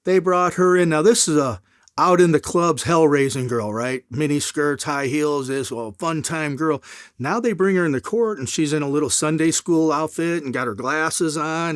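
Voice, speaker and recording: A middle-aged man tells his story as an interview guest with a lot of life, his pitch swinging up and down as he acts out the people in it. His voice sits a bit high for a man. The sound is close-miked and dry. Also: animated, moderate pace, dry recording.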